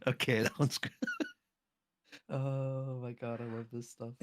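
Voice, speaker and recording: A man joining over a voice call, reacting quickly and laughing at the jokes. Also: medium pitch, little pitch movement, noisy background. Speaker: guest on a call.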